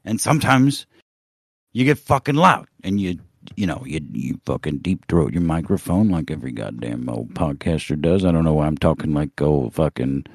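A man voicing a loud old redneck podcaster who crowds the microphone and booms. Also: dry recording, clean studio sound, exaggerated voice. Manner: booming, crowding the mic.

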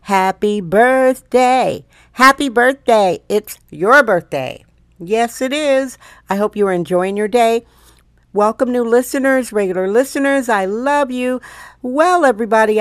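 An older woman from Wisconsin hosting her own podcast, chatting in a playful, theatrical way with big swoops in pitch. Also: dry recording, studio quality. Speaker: podcast host. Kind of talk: casual solo podcast monologue.

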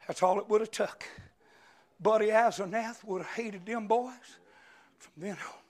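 A male preacher delivering an impassioned sermon, dropping to a hush and then shouting, with frequent amens. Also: high voice, fairly even intonation, unhurried. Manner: impassioned, swings between hushed and shouting, peppered with amens. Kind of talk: Pentecostal-style sermon.

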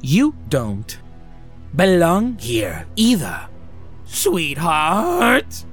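A man voicing cruel old hags who gloat and hunger for human flesh, stretching their words out slowly. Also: high voice, huge pitch swings, creaky, a bit bright, soft background music, pitched above the performer's own voice, full character voice. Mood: taunting. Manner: taunting, gloating, drawn-out words.

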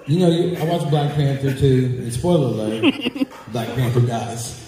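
A man's voice: mid-range voice, moderate pace, a crowd in the background. A man doing a loose, rambling stand-up set, laughing at his own jokes. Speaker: stand-up comedian. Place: club or hall with a live audience. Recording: echoey hall, noisy live room.

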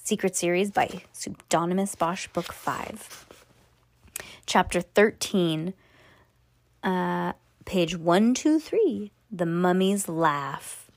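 A woman's voice: fairly low pitch, no room sound. Woman reading a bedtime story, dry sound. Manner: unhurried, expressive reading with small slips. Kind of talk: bedtime story read aloud. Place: home at bedtime.

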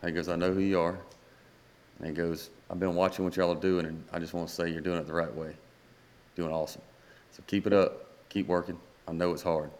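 A man's voice: low-pitched, flat delivery, a little fast, a little mellow. A man, a guest singer-songwriter, telling a rambling story in a casual podcast chat and acting out the dialogue.

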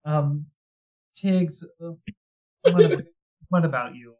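A man's voice: on the high side, takes it slowly, dark tone. A man co-hosting a casual podcast, teasing the others and giving up on the rundown. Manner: teasing, dropping the rundown in exasperation. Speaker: podcast co-host. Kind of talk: casual chat.

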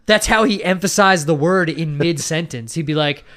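A man's voice: fairly high pitch, normal speed, fairly bright tone. A young man co-hosting a podcast in casual chat, rambling with lots of fillers, restarts and swearing. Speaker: podcast co-host.

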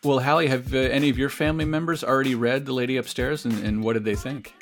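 A man's voice: medium pitch, fairly even intonation, fast, music in the background. Teasing man hosting a chat show. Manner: teasing, joking. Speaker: podcast host. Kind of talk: casual interview chat.

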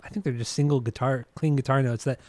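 A man's voice: mid-range voice, steady tone, fast talker, darkish tone, no echo. A man co-hosting a podcast, chatting eagerly about an album and swearing freely. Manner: enthusiastic, swears often, trails off and restarts. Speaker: podcast co-host. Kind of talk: casual music podcast chat.

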